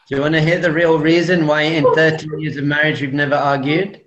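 A middle-aged man, a rabbi and guest speaker, giving a humorous talk to an audience, using emphatic repetition and teasing pauses. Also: on the high side, fairly bright tone.

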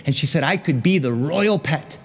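A man's voice: on the high side, animated, moderate pace, breathy edge. A man doing a blunt talking frog. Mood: aggrieved. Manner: blunt, insistent bargaining. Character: hideous magic talking frog, male, bargaining.

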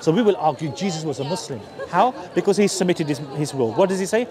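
A man's voice: fairly high pitch, animated, fast, hardly any pauses, dark tone. A man from East London with a Cockney accent, preaching earnestly outdoors and often restarting his sentences. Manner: earnest, repetitive, frequent restarts. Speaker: street preacher. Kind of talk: persuasive street preaching. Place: outdoors on a busy city street. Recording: busy street crowd noise.

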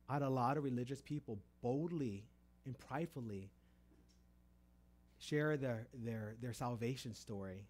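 An animated preacher, telling his testimony with lively storytelling. He acts out the voices in the dialogue he retells, with a voice of middling pitch. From Texas. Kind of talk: testimony sermon.

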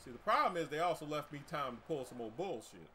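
Male streamer, brash trash talker, lively bright voice, keeps cursing at the game. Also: fairly high pitch, quick pace, slight background noise. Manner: boastful profane trash talk at the screen. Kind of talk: live gameplay commentary.

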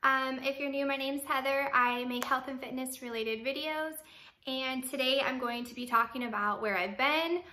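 A young woman hosts her own fitness vlog in a loose, chatty way, full of ums and you knows. Her voice is bright and ringing and sits a little high. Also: steady tone, normal speed, slight background noise. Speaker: fitness vlogger. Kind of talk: casual to-camera vlog.

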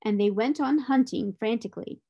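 A woman tutor reading a children's storybook aloud in a clear, expressive way. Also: a little high, moderate pace.

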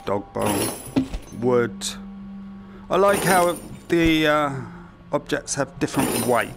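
Slow, gravelly man playing a game. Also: mid-range voice, animated, background noise. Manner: thinking aloud, muttering to himself. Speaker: gamer. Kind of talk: let's-play commentary.

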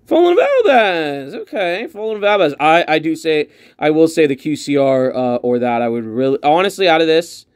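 Excitable man chatting through a pack opening. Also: fairly high pitch, normal speed, hardly any pauses. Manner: chatty, excitable, thinks aloud while sorting cards. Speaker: card collector opening packs. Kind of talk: casual pack-opening commentary.

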